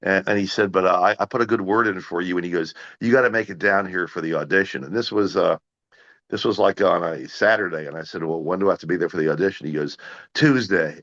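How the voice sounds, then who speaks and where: A middle-aged man with a low but bright, forceful voice, recounting stories as an interview guest. He stammers and restarts often and acts out what others said. The audio is muffled and lo-fi. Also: fast talker. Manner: animated anecdotes, acts out others' lines, frequent stammered restarts. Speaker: actor guest. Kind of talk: casual interview storytelling.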